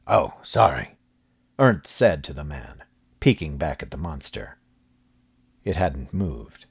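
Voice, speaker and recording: A man reads a horror story aloud from a script, with dramatic storytelling. His voice is very deep and husky. His pitch rises and falls a great deal to build tension. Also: a little mellow. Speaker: audiobook narrator.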